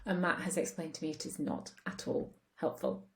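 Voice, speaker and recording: A woman's voice: sits low, steady tone, normal speed. A woman relationship coach talking casually, chatty with lots of fillers, acting out the voices of people she quotes. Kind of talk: casual talk to camera.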